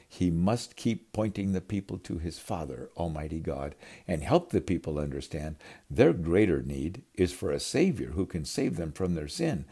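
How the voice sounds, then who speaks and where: A man's voice: deep voice, warm tone, husky. A man preaching a storytelling sermon, acting out the scenes and calling his listeners his friends. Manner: dramatic storytelling, acting out voices.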